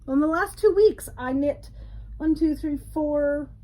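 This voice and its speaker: A woman co-hosting a casual podcast chat, bubbly and teasing, quick to laugh. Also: high voice, warm tone. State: yawning from medication. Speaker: podcast co-host.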